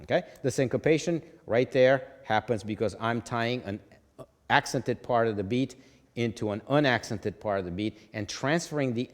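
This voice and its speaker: A man with a somewhat low voice teaches a music theory lesson to his viewers. He explains step by step and often pauses to ask "okay?" before moving on. His voice rings with a long reverb tail, as if he were in a reverberant room. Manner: explains patiently, checks in with "okay?", sings rhythm syllables.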